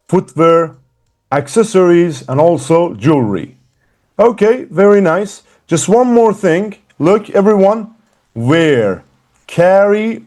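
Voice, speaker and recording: A man teaching an English class, slow and emphatic, repeating words for learners. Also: on the high side, a little mellow. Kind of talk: classroom lesson.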